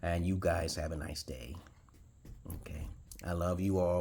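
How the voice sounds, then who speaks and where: A man in his forties from Brooklyn with a New York accent, ranting bluntly and profanely to camera about video games, with sudden loud outbursts. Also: deep voice, fairly even intonation, measured pace, slight background noise. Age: 40s. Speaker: vlogger giving gaming advice. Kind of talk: casual rant to camera.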